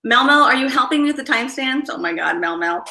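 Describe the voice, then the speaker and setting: A woman hosting a casual livestream, greeting viewers by name, thinking out loud and apologizing often. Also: sits high, animated, quick pace, roomy sound, a little hiss or hum. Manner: apologetic, drops to mutters and whispers. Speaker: livestream host.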